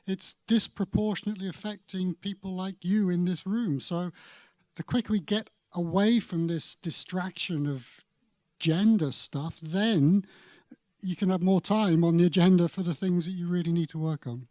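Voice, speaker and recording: A British man speaking on a conference panel. His voice sits a little high for a man, and he presses his points with growing emphasis, stumbling through a few restarts. The sound is close and dry. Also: steady tone, normal speed, no echo. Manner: emphatic, builds to forceful points with repeated restarts. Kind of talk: panel discussion. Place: conference stage.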